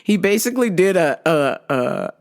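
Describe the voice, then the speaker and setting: A woman's voice: on the low side, big pitch swings, normal speed, gravelly. A woman hosting a podcast, telling a story casually, swearing freely and laughing often as she talks. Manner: profane, laughing through her story. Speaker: podcast host.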